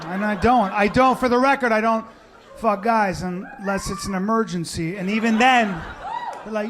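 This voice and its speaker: A man's voice: high-pitched, normal speed, background noise. A man doing a stand-up routine full of rambling, self-deprecating asides. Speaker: stand-up comedian.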